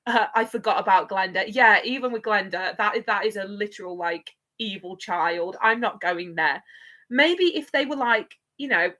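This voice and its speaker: A woman's voice: mid-range voice, a bit bright. A woman hosting a live watch-along, chatting playfully with viewers and laughing often. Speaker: livestream host.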